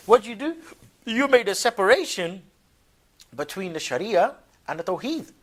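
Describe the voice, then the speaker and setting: A man with a fairly high voice delivers a religious lecture to a class. He speaks in loose, everyday slang, keeps tossing in "yeah?", and breaks into mocking asides with quick laughs. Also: very animated. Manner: conversational, colloquial, keeps asking "yeah?".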